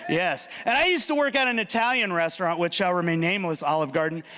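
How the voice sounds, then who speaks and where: A man performing a stand-up comedy routine, animated and punchy, talking straight to the audience with quick asides. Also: high voice. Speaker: student speaker. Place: large hall.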